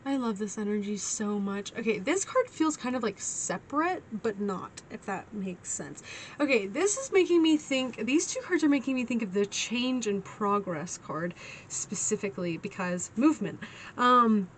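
A woman's voice: fairly high pitch, expressive, normal speed, slight background noise. A woman giving a casual tarot reading, chatty and giggly, calling her listeners honey. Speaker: tarot reader.

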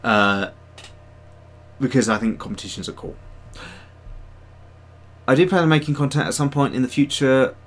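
A man hosting a casual livestream and chatting with viewers. He rambles, restarts his sentences and leans on fillers. His voice sits at a middling pitch. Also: lively intonation, normal speed, long pauses. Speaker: livestream host and digital sculptor.

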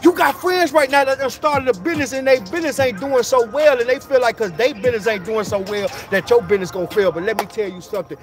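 A man with a fairly high voice delivers street-slang motivation in a rolling, repetitive preaching cadence. A clear music bed runs under his voice throughout. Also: fast, hardly any pauses. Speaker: motivational speaker.

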